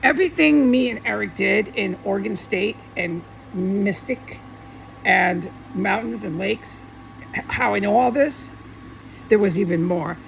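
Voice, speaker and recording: A woman's voice: medium pitch, measured pace, gravelly, slight background noise, poor audio. A woman vlogger in a rambling monologue, agitated and swearing in heated outbursts.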